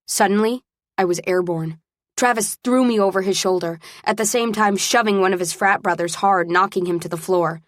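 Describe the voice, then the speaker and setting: A woman's voice: medium pitch, normal speed, dry recording. Woman narrating an audiobook, dry close sound. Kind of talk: first-person audiobook narration.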